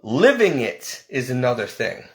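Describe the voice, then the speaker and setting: A man giving an earnest, pleading personal testimony to his viewers, halting and restarting, with nervous laughs. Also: mid-range voice, sing-song, fairly bright tone, roomy sound. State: close to tears at moments. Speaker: online preacher giving testimony.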